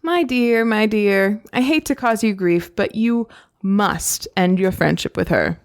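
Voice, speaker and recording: A woman's voice: medium pitch, a little slow, no room sound, clean studio sound, pitched above the performer's own voice, natural voice. A woman reading the lines of a bossy, spoiled girl who bullies others, voicing her lightly. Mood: condescending.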